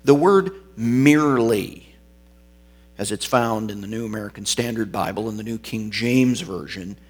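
Husky-voiced male pastor preaching. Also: fairly low pitch, measured pace. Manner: expository preaching, varied emphasis. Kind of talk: sermon.

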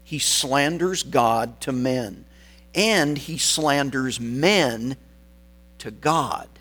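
A man preaching a sermon, stressing key words and pausing for weight between phrases. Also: medium pitch, bright, forceful tone, low-quality recording. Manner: deliberate, emphatic phrasing with dramatic pauses.

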